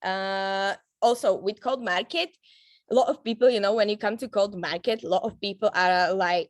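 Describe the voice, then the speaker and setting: A woman's voice: medium pitch, normal speed, dry recording. A woman with a voice, giving a casual, upbeat training talk to her team, with frequent fillers and restarts. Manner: chatty, upbeat, laughs often, many fillers and restarts. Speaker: network marketing trainer.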